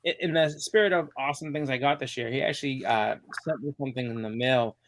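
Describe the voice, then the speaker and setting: A man's voice: mid-range voice, quick pace, a bit bright. A man hosting a live comics stream, chatting casually and rambling with many fillers and restarts. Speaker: comics show host.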